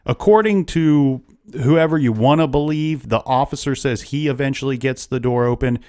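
A man's voice: mid-range voice, normal speed, a little mellow. A man hosting a casual true-crime podcast, retelling events at length with frequent restarts. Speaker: podcast host.

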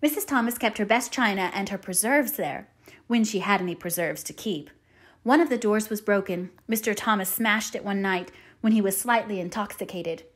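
A woman's voice: mid-range voice, normal speed, close to an everyday voice. Anne Shirley, a woman reading as a dreamy orphan girl. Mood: eager, dreamy. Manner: rapturous, breathless run-on chatter. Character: talkative, dreamy, eager young orphan girl. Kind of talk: audiobook character reading.

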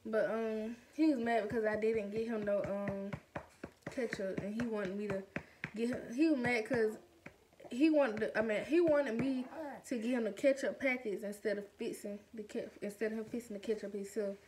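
A young woman tells a story to her vlog audience in a chatty, animated way. Her voice sits a little high. A faint hiss of noise runs underneath. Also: moderate pace. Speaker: vlogger.

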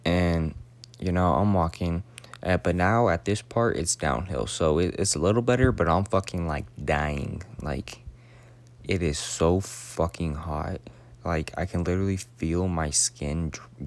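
In a low voice, a young man in his late teens tells a rambling, profanity-laced story. His delivery is casual and full of slang, and at times he drops down to a whisper.

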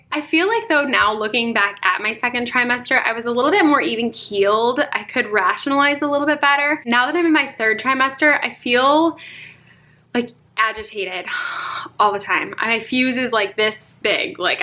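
A woman's voice: a little high, moderate pace, sharp tone. A young adult woman chatting casually to camera as a mom vlogger, often laughing and talking to viewers as "you guys".

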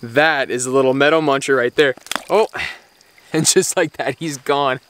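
Excitable man fishing a creek. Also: mid-range voice, unhurried, slight background noise. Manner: excitable, exclaiming, laughing often. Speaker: fly fishing vlogger. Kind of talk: excited outdoor vlog commentary. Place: outdoors by a creek.

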